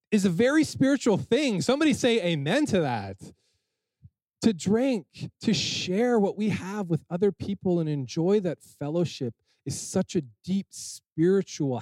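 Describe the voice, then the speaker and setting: A male pastor preaching a sermon, reading scripture aloud and retelling the scene in a lively, storytelling way. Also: on the high side, dry recording, poor audio.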